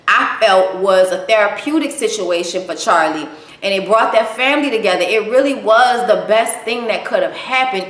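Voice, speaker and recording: A woman recapping a TV episode in a loose, casual way. She is blunt and opinionated and swears freely. Her voice sits at a middle pitch and bounces around a roomy, echoey space. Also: fairly bright tone. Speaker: TV show reviewer. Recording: echoey room.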